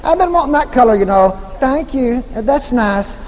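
A woman's voice: a little high, expressive, moderate pace, highs cut off, lightly acted. Brief: a wife giving polite, mild thanks, as a preacher puts her on, faint background hiss. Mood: politely pleased. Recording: echoey hall, faint noise.

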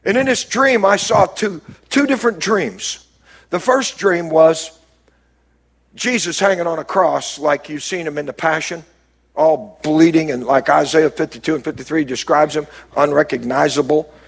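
A man preaching a sermon as a pastor, dropping low and quiet and then rising to emphatic, raised lines. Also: moderate pace, creaky, breathy edge.

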